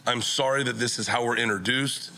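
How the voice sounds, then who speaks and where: A man's voice: medium pitch, steady tone, fairly quick, sharp tone. Laughing, emphatic man on a podcast. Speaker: podcast guest. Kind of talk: casual podcast banter.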